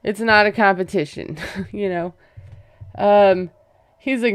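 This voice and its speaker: A woman's voice: mid-range voice, steady tone, slow pace, smooth, no echo. A woman casually recapping a reality show, chatty and gossipy, acting out quotes and laughing as she goes. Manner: gossipy, retells scenes with quoted voices and laughs.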